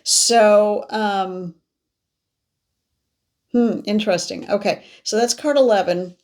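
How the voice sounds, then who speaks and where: A woman's voice: medium pitch, steady tone, slow, a little mellow. A woman psychic reader talking viewers through a card reading, musing aloud as she lays out cards. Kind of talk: spoken tarot reading to viewers.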